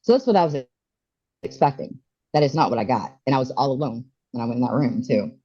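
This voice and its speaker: A woman in her forties tells a hard personal story as a podcast guest, often halting and restarting. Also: very deep voice, expressive, dark tone, muffled recording. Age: 40s. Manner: emotional, halting, many restarts. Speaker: interview guest.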